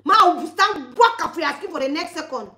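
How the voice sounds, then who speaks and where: Scolding high-voiced woman, pidgin accent. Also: expressive, a little fast, bright, forceful tone, roomy sound. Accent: West African Pidgin English. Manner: scolding, heated, with repeated warnings. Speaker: vlogger. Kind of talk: angry ranting monologue to viewers.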